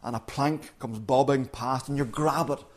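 At a normal speed and with fairly even intonation overall, this man preaches a sermon. When he acts out the quoted words of the crowd and Peter, though, he turns dramatic, with big rises and falls in pitch.

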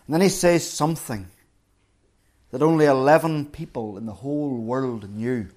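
A man's voice: medium pitch, moderate pace, darkish tone. A middle-aged man preaching a sermon, retelling a story dramatically and acting out the quotes.

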